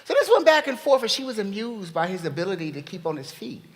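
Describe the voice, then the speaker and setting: A man speaking at a panel, telling a story in an animated way and acting out the dialogue. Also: high-pitched, fast talker. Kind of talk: storytelling talk. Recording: long reverb of a hall.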